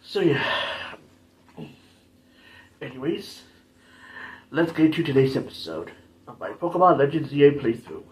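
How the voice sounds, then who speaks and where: A gaming channel host comments casually on his playthrough, rambling and making self-deprecating jokes. His medium-pitched voice swings widely in pitch, and he talks at a measured pace, pausing often.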